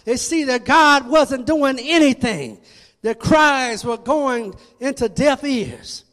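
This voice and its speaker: A man, a church elder, preaching a sermon with fervent, dramatic swings in loudness. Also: very high voice, lively intonation, slow. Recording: long reverb of a large hall.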